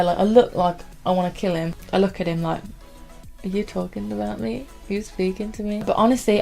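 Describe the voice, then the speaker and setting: A woman's voice: medium pitch, creaky, a little mellow. Rambly young woman vlogging. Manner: chatty and rambling, peppered with "like". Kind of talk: casual storytelling to camera.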